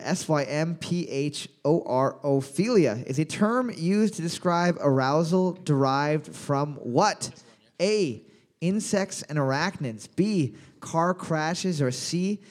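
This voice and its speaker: A man hosting a trivia quiz, calling out questions loudly and cracking crude jokes between rounds. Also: on the high side, expressive. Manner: loud announcing, crude jokes, slows on answer options. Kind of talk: bar trivia hosting with joking banter.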